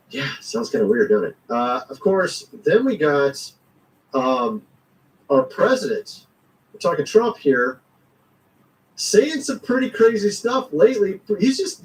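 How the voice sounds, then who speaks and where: Casual vlogger, man, higher voice, rambling slangy delivery, sits a bit off-mic. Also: far from the mic, rough recording. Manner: rambling, slangy, chuckles often. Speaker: commentary vlogger. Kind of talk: casual political commentary.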